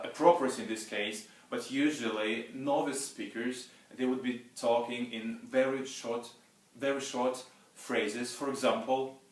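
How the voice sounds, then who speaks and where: A male lecturer explaining a topic step by step in a methodical way, often pausing with fillers and restarting phrases. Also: medium pitch. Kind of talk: explaining lecture on speaking fluency. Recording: roomy, mic at a distance.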